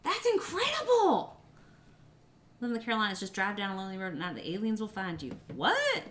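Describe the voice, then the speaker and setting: A woman's voice: mid-range voice, rapid-fire. A woman, chatting casually and giggling with her viewers as she cooks in her home kitchen. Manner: chatty, giggly, rambling, talks to viewers while cooking. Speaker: cooking livestreamer. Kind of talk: casual cooking livestream chat. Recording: loud background noise.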